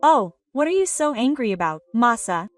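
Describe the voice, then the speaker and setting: A woman's voice: on the high side, big pitch swings, moderate pace, far from the mic, soft background music. A woman voicing a snobbish, condescending middle-aged mother. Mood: dismissive.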